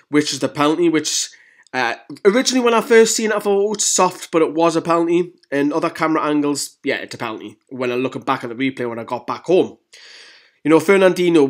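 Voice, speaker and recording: A man hosting a fan channel, chatting excitedly through goal replays in casual football analysis. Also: mid-range voice.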